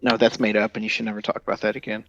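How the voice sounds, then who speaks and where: A man's voice: lowish voice, little pitch movement, very fast, creaky, fairly bright tone, lo-fi sound, a little hiss or hum. A man co-hosting a casual podcast, sarcastic and profane. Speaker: podcast co-host. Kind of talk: casual chat.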